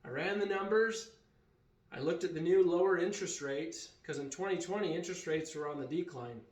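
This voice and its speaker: A man's voice: a little high, brisk. A man casually telling a story in a vlog, retelling it with animation and acting out the quoted dialogue. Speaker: vacation rental owner and vlogger. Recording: echoey room.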